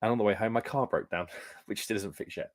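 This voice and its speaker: A man's voice: fairly low pitch, quick pace. Young British man, rambling live stream host, casual beer-chat delivery. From United Kingdom. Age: young adult. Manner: rambling, chatty, lots of fillers and restarts.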